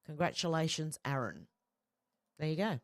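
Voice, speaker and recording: A woman's voice: sits low, lively intonation, moderate pace. An Australian woman hosting casual commentary, chatting and reading out posts with laughs between them. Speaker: host.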